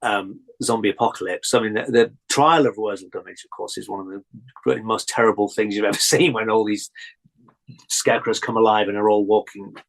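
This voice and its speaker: A man, a guest on a chat show, telling childhood stories in an animated way and laughing often. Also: lowish voice, a little fast, vocal fry, rough recording. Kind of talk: casual chat.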